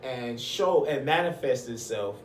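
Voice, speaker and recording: A man telling a personal story in casual talk, animated and acting out other people's voices. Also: mid-range voice, a little slow, a little hiss or hum. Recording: echoey room, mic at a distance.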